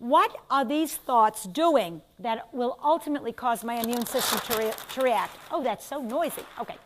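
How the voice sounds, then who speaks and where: An older woman with a New York accent, teaching a class in a lively lecture style and putting questions to her students. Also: fairly high pitch, noisy background. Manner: animated, asks the class questions, quick asides. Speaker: instructor.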